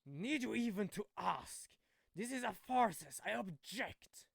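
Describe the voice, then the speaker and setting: A man putting on a cold, arrogant older prosecutor with a slow, condescending drawl. The voice drops lower and swings widely in pitch, with a close, dry sound. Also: expressive, gravelly, fairly bright tone, no echo, full character voice. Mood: sneering.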